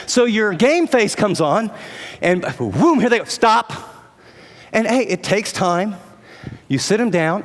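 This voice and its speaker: Male pastor, middle-aged, high voice, animated sermon, long echoing hall. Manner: conversational, animated, acts out scenes.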